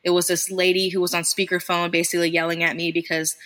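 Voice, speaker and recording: A woman's voice: fairly low pitch, completely flat delivery, fast talker, fairly bright tone. A woman in her thirties, a business founder, telling her story in a casual podcast interview, candid and self-deprecating, swearing now and then.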